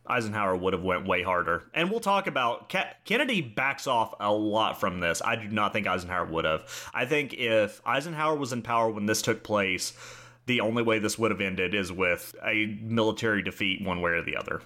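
Young male podcast co-host, animated and bright, talks through notes with easy laughs. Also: lowish voice, fairly quick. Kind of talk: casual history podcast chat.

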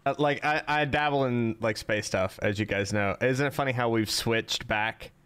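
A man co-hosting a podcast, chatting casually and excitably, with plenty of fillers. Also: mid-range voice, moderate pace, clear, resonant tone.

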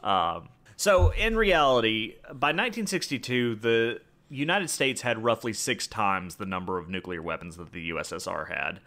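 Lively, bright-voiced man hosting a podcast. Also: lowish voice, moderate pace, hardly any pauses. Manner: explains with jokes and asides. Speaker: podcast host. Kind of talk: casual history podcast narration.

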